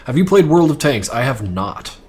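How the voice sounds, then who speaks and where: A man's voice: medium pitch, big pitch swings, moderate pace, darkish tone, slightly rough. A young man chatting casually on a livestream while he works, rambling, swearing freely and poking fun at himself. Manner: rambling, profane, self-mocking. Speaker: streamer animating on stream.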